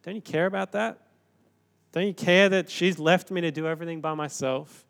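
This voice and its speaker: A man's voice: a little high, normal speed, pushed and bright. A man preacher voicing a frazzled, exasperated woman who complains that her sister leaves her all the work. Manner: pleading, indignant, raised voice.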